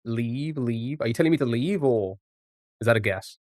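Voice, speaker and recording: A man's voice: medium pitch, expressive, moderate pace, a little mellow, dry recording, studio quality. A man streaming live, chatting casually with his chat and swearing now and then while playing a word game. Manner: chatty, jokey, talks back to chat.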